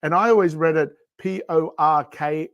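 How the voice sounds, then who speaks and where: A woman's voice: deep voice, normal speed, no echo, lo-fi sound. An Australian woman co-hosting a casual live chat, chatty and playful with giggly asides. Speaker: co-host.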